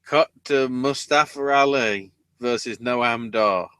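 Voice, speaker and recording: A man's voice: medium pitch, slow pace, a bit bright, clean tone, dry recording. A man co-hosting a wrestling podcast, recapping matches in a sarcastic, sweary, casual way. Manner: sarcastic, swears freely, breaks into goofy voices.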